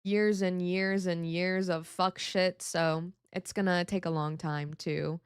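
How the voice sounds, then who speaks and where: A woman VTuber streamer with a lowish, clear, resonant voice speaks slowly and with fairly even intonation, recorded dry with clean studio sound. Chatting casually on a live stream, she reads and answers viewer chat, candid and emotional, swearing freely and mocking herself.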